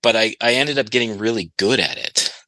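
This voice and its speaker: A man with a low voice and a bright, forceful edge rambles through a long story in casual podcast chat, laughing along the way. His voice is recorded close and dry. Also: brisk, no echo, low-quality recording. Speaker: podcast guest.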